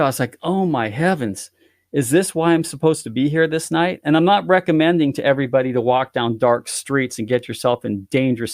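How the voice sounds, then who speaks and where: This man, appearing as a guest on a podcast, spins an animated tale full of exaggerated, theatrical drama. His pitch is medium and the recording is dry.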